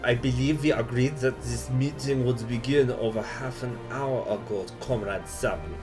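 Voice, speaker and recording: A man's voice: mid-range voice, fairly even intonation, normal speed, music in the background, lightly acted. A man voicing a craggy, grumbling old German man who is impatient in a game story reading.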